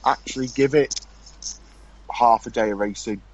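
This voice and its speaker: A man's voice: medium pitch, fairly even intonation, normal speed, lo-fi sound. A man hosting a podcast, chatty and joking, often stumbling over his words. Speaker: podcast host. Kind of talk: casual podcast chat.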